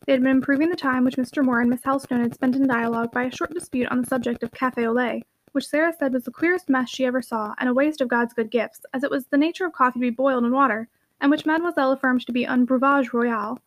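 A woman narrating a classic novel aloud. Her voice is high and her pace quick, and she tells the story in a steady, expressive way. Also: a little hiss or hum, poor audio. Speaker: audiobook narrator.

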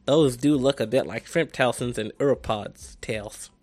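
A man's voice: mid-range voice, unhurried, a little mellow, faint music behind, close to an everyday voice. A man putting on an eager southern scientist. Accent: put-on American Southern. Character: male crustacean scientist, eager, southern drawl.

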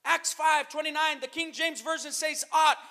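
High-voiced preaching pastor in echoing hall. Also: male voice, steady tone, normal speed. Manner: preaching, swings to shouted emphasis, calls out to the church. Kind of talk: sermon. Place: church. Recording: long reverb of a hall.

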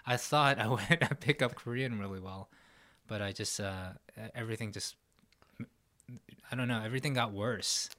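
A man's voice: lowish voice, normal speed, long pauses, bright, forceful tone. A young adult man from New York hosting a podcast, joking and rambling casually while a little tipsy. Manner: jokey, rambling, a bit tipsy. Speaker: podcast host.

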